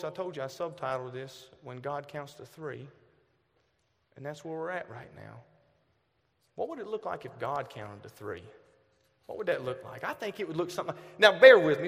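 A man in his thirties with a Southern accent, preaching a storytelling sermon, animated, swinging from loud bursts to hushed asides. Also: mid-range voice, moderate pace. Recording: long hall reverb.

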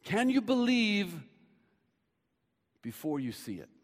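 A man voicing a calm, patient teacher who asks measured questions in a fairly high voice. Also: long reverb tail, exaggerated voice. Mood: gentle questioning.

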